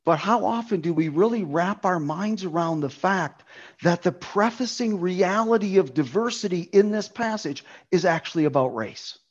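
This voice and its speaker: A man's voice: high voice, lively intonation, moderate pace, highs cut off. A man preaching a sermon on a Bible passage, emphatic, repeating key words for stress.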